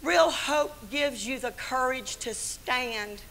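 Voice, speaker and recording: An older woman teaching the Bible to a women's church gathering in an animated, folksy sermon full of stories and laughs. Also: sits high, slow pace, creaky, slight background noise. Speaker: Bible study teacher and speaker.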